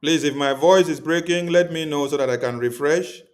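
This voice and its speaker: A man's voice: a little high, moderate pace. A man hosting a livestream, speaking emphatically and repeating his points to viewers. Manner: emphatic, repetitive, preaching tone. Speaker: livestream host.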